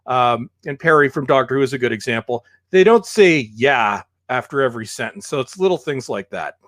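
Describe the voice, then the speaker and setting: Canadian guy, guest in a casual chat, middle pitch, lots of uhs and restarts. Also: animated, brisk, fairly bright tone. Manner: hesitant, many fillers and restarts, self-deprecating. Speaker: podcast guest.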